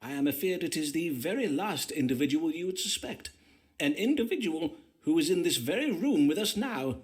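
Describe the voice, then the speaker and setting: A man's voice: a little high, animated, normal speed, close to an everyday voice. An actor playing a bumbling, theatrical male astrologer doctor in Elizabethan times, speaking in stagey old-fashioned English. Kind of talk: period game voice acting.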